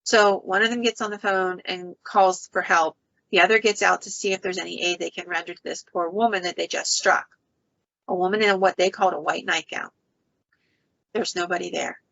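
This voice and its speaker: A woman host tells ghost stories in an animated, chatty way, often stopping with "um" and starting over. Her voice is bright and forward, and the recording sounds dry and a bit dull. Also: lowish voice, moderate pace, vocal fry, dry recording. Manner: animated storyteller with frequent ums and restarts. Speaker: podcast host. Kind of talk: casual ghost-story telling.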